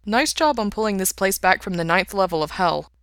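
A woman voicing a steady, solemn young man with an even delivery. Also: medium pitch, brisk, clear, resonant tone, no echo, clean studio sound. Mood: sincere.

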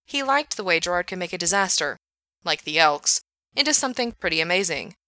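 Low-voiced woman reading a story. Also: sing-song, a little fast, sharp tone, no echo. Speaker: reader. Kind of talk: audiobook narration of fiction.

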